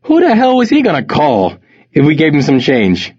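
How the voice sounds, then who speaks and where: A man's voice: a little high, wildly swooping pitch, normal speed, a little mellow, husky, dull audio, voice pushed up, heavily acted. A man voicing a brash, scornful young friend from the Bronx with a Jamaican accent, talking bluntly in a raised voice. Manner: blunt, mocking.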